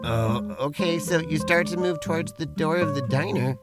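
A man's voice: fairly high pitch, moderate pace, over loud music. A man co-hosting a comedy show, teasing his partner in playful, improvised role-play banter. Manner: upbeat, teasing, playfully pushy. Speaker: co-host.

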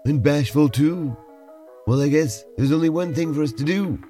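A man's voice: on the high side, normal speed, dark tone, faint music behind, pitched above the performer's own voice, close to an everyday voice. A man voicing a boastful, swaggering male diner boss on a space freighter in a role-play podcast.

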